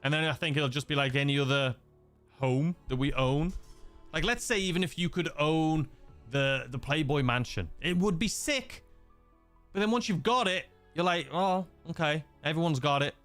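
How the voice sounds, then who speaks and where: Faint music plays behind this young English gaming streamer as he chats casually and reads out viewer messages. His accent is mixed English with a slight Scouse lean, and his clean, fairly bright voice is a little high at a moderate pace, full of fillers and restarts.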